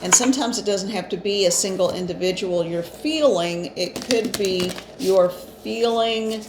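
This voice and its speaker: A woman's voice: mid-range voice, measured pace. A woman giving a casual spiritual card reading, chatty and reassuring, with fillers and restarts, a bit short of breath. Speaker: psychic reader. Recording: echoey room, faint ambient noise.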